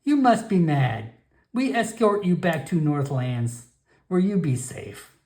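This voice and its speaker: A man's voice: a little high, very animated, takes it slowly, a little mellow, voice pushed up, heavily acted. A man voicing a stern old female frog-folk shaman who scolds in broken, clipped speech. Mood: scolding. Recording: echoey room.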